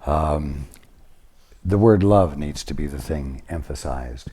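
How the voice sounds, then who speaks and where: Slow, deep-voiced man teaching spirituality. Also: mellow, slightly rough. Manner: measured, deliberate, with long pauses. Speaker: spiritual teacher channeling at a study group.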